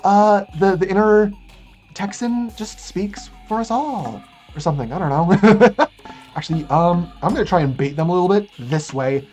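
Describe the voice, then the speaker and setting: A chatty speedrunner talking through a live run, joking about the game's rules and plot while making moves. The delivery rambles and restarts casually, with faint game music playing quietly underneath. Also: medium pitch. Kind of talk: speedrun commentary.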